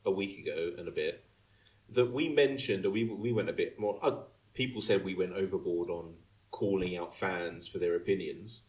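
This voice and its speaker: A man's voice: deep voice, moderate pace, darkish tone, low-quality recording. A man hosting a podcast in a chatty, easygoing way. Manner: chatty, laughing easily, hesitant restarts. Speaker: podcast host. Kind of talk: casual chat.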